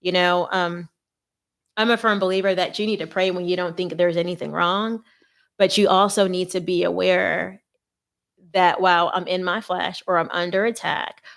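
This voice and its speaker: A woman's voice: on the low side, steady tone, moderate pace, vocal fry, fairly bright tone. A woman host talking earnestly and conversationally about faith and marriage preparation, with playful asides. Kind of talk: faith-based marriage advice talk.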